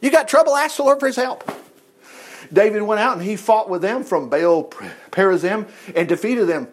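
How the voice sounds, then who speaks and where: Animated folksy preacher man. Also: high-pitched, normal speed. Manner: chatty, laughs at own stories, talks back to the text. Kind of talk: folksy bible teaching.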